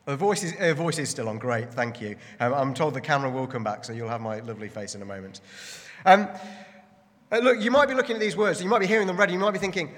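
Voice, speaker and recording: A man's voice: on the high side, animated, fast talker, a bit bright, long reverb tail. A man, a pastor preaching a sermon in a church with many ums and restarts. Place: church building.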